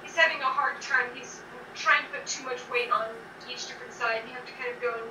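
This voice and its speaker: A high-pitched woman runs a tabletop game, narrating loosely and hesitantly with many restarts. She sits far from the mic in a roomy, echoey space with audible noise behind her. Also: fairly even intonation, fast talker. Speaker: game master.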